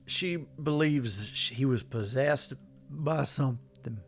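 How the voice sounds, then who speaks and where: A man voicing a nervous male legion representative with a clumsy put-on French accent, stammering and halting. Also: medium pitch, faint music behind. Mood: objecting. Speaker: game master voicing a character.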